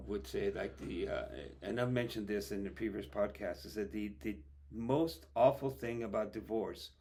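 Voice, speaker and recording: Earnest low-voiced male podcast host. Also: a little mellow. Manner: earnest, reflective, asks questions. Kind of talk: conversational podcast discussion.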